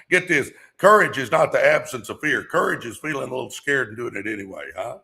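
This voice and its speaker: A man's voice: on the high side, creaky, sharp tone. A man hosting a livestream podcast, giving a fired-up motivational talk in a preacher-like way with repeated catchphrases. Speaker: podcast host.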